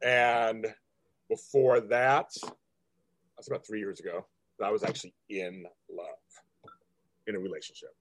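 A man in his fifties from California hosts a casual chat in a lowish, slightly husky and breathy voice. Unhurried and level in tone, he rambles, pauses often, stops and restarts sentences, and fills gaps with ums.

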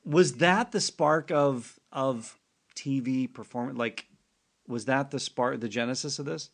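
A man's voice: medium pitch, measured pace. A man hosting an interview, jumping in eagerly to steer the questions. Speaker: podcast host. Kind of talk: casual interview chat.

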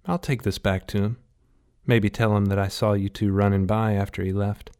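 A man's voice: fairly low pitch, flat delivery, normal speed, darkish tone, clear, resonant tone, close to an everyday voice. A man voicing a young market stall girl who is sly and teasing, in an audiobook story.

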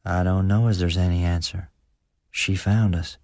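Man reading haunted rural man, slow halting rustic speech, deep voice, audiobook character. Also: steady tone, gravelly, darkish tone, no echo, studio quality. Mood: grim. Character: haunted, gaunt rural man, subdued and grim.

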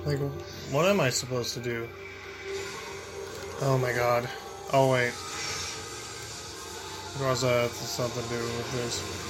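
Playing through a boss fight, a gamer curses, complains, and laughs in frustration, talking to the game itself. His medium-pitched voice barely moves in pitch, and he speaks slowly with frequent pauses over background music.

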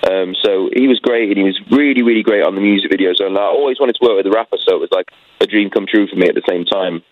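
Fast-talking British man, muffled line. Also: sits low. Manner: chatty, rambling, restarts. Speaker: guest singer. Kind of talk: casual interview chat.

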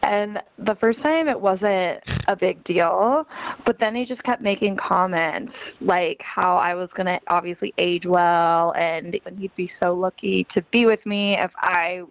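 A woman talking to a radio show by phone in a creaky, sleepy morning voice, hesitant and casual. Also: fairly low pitch, unhurried, dry recording. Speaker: radio caller. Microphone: telephone. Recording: dull phone line.

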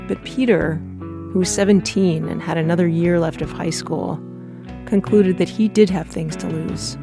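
A woman host narrating a scripted documentary story in a measured, even way. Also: lowish voice, gravelly. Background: guitar music.

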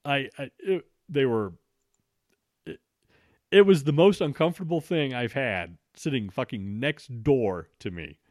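A man's voice: medium pitch, lively intonation, measured pace, no room sound, clean studio sound. A man telling a long story in a casual, profane way, with many restarts. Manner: profane, rambling with frequent restarts.

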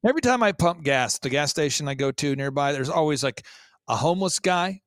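A man talks as a show guest, emphatic and insistent, piling up rhetorical questions and tripping over repeated words. His voice sits high and swings widely in pitch. The sound is dry and close, with no room around it. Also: animated, brisk, fairly bright tone, dry recording. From Oklahoma. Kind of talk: conspiracy talk-show commentary.

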